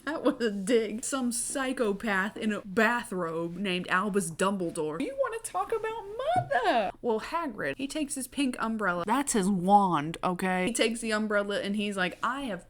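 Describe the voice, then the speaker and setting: A woman's voice: medium pitch, normal speed, hardly any pauses. A young woman with a scratchy throat from a coming cold, retelling a book chapter by chapter in a chatty, casual way and swearing now and then. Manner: chatty, swears casually, briefly mimics characters. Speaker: book breakdown video host.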